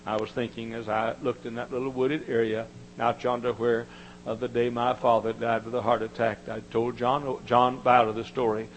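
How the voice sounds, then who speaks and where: A man preaching a sermon, with emphatic repetition and dramatic swings from hushed tones to shouting. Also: medium pitch, flat delivery, moderate pace, a little hiss or hum, low-quality recording.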